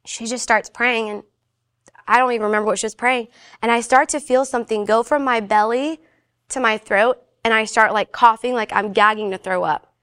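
A woman telling a personal faith story in a casual, animated way, briefly acting out the voices of the people in it. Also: on the high side, normal speed, no echo, studio quality. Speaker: guest sharing her faith testimony.

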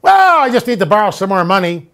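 A man's voice: high voice, sing-song, fast, a bit bright, full character voice. A man mocking a whiny spendthrift borrower.

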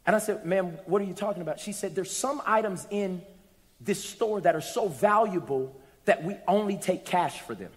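A man with a notably high voice preaches a sermon. He tells stories with playful asides and climbs into loud, shouted moments. His voice carries long echoes through a large hall. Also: moderate pace.

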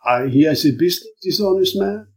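A man's voice: a little high, lively intonation, brisk, voice pushed up. A man doing a wry, shrewd detective.

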